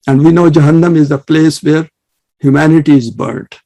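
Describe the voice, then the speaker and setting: A man giving an earnest, measured religious lecture and reciting scripture quickly in between. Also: fairly high pitch, dark tone. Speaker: Islamic study presenter.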